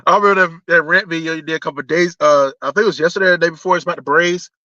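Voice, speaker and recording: A man's voice: on the high side, steady tone, rapid-fire, sharp tone, dry recording. Blunt man ranting on a stream. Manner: blunt and profane, with frequent restarts. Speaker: live streamer. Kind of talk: casual live-stream sports rant. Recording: dull lo-fi stream audio.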